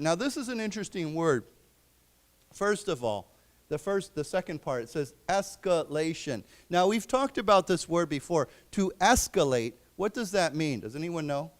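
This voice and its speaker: A man teaching a live English class, slowly explaining vocabulary and quizzing his students. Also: fairly high pitch. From United States. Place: library lecture room.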